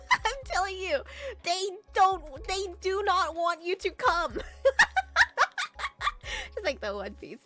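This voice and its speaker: A young adult woman streamer chatting casually with viewers, teasing and often breaking into loud laughter. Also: very high voice, big pitch swings, slow pace, pauses often, soft background music. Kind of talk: casual livestream chat.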